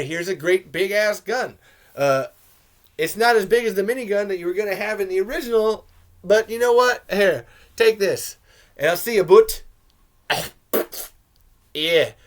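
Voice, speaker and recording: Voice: medium pitch, a bit bright. A host giving casual, sarcastic commentary over a film, ranting, swearing often and trailing off.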